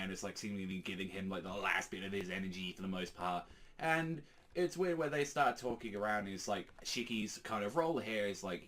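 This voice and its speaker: A man's voice: on the low side, fairly bright tone. A man giving a casual, rambling manga reaction, full of fillers and swearing. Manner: rambling, filler-heavy, profane. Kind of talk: casual chat.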